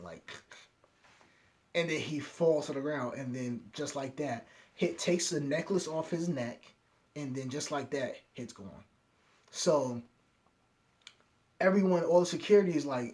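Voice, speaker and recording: A young man casually recapping an anime episode scene by scene, acting out each character's lines in quick quoted bits. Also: medium pitch, expressive, darkish tone. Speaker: anime reviewer.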